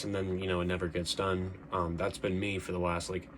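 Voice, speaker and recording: A man's voice: sits low, little pitch movement, a little fast, few pauses, a bit bright, slight background noise. A young man talking earnestly to camera in a casual monologue, rambling with frequent restarts and fillers. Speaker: vlogger.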